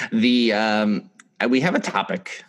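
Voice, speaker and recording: Podcast co-host: a man, a bit low-pitched, playful and full of laughs. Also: fairly bright tone. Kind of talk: casual chat.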